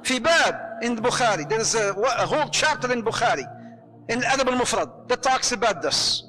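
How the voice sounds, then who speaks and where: A man preaching to a live audience. He tells stories in an animated way, acts out the voices and mixes Arabic phrases into his talk. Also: very high-pitched, fairly quick, in a large hall, faint music behind. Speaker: Islamic preacher.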